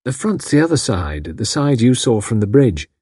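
This clean studio recording, free of room sound, has a man reading aloud at normal speed. His medium-pitched, very animated voice is warm and slightly rough. He plays a chatty, somewhat odd country housewife in a lonely house, rambling through friendly, homely talk.

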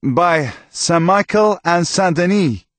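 A man voicing a stern, suspicious village priest who speaks slowly in halting phrases. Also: sits high, lively intonation, dry recording, voice pushed up. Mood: stern, questioning.

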